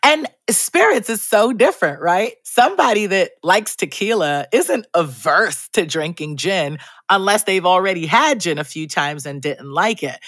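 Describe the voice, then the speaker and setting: A woman's voice: fairly low pitch, lively intonation, moderate pace, few pauses, a bit bright, dry recording. A woman hosting an interview, chatty and enthusiastic, acting out little quotes as she talks. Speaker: podcast host. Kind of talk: casual interview chat.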